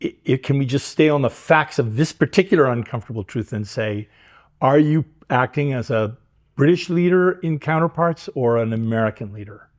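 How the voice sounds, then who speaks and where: A man's voice: medium pitch, normal speed. A man interviewing his business partner, asking pressing, insistent questions.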